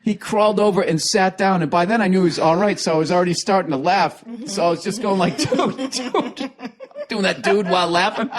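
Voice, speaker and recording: A man's voice: high-pitched, fairly even intonation, fast talker, hardly any pauses. A man hosting a podcast, telling a story casually, laughing often and swearing a lot. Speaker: podcast host.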